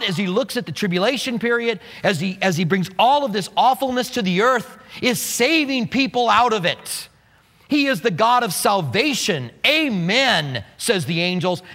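A man preaching a sermon, animated and playful, acting out quotes with humor. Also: high voice, long reverb tail. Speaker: pastor.

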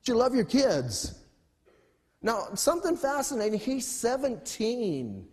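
A middle-aged male pastor preaching a sermon in an animated, conversational way with humor. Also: extremely high pitch, takes it slowly, long reverb tail.

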